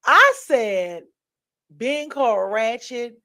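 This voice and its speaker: A woman's voice: a little high, expressive, takes it slowly, sharp tone. A tired woman runs a casual livestream and talks straight to her viewers in a loose, chatty way. She drifts from one topic to the next and sounds drowsy and half-yawning the whole time. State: sleepy, yawning. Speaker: livestream host. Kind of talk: casual live-stream chat.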